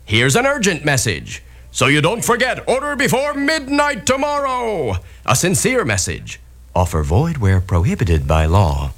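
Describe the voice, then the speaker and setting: A pompous radio announcer in a spoof ad, all booming emphasis. His bright, sharp voice sits high and swoops wildly up and down as he hams up every line. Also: big pitch swings, unhurried, exaggerated voice. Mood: hammy. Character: pompous cheesy adult male radio announcer selling a course. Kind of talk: comedic spoof ad.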